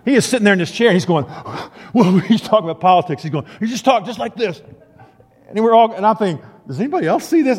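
A middle-aged man preaching a sermon, animated, acting out the people he quotes. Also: sits high, quick pace, breathy edge. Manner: animated storyteller, acts out quotes. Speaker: pastor. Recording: long reverb of a hall.

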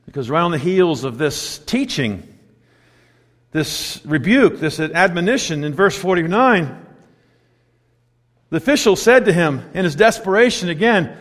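A man preaching a sermon, telling stories and swinging between loud emphatic lines and hushed asides. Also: a little high, lively intonation, moderate pace. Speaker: pastor. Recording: long hall reverb.

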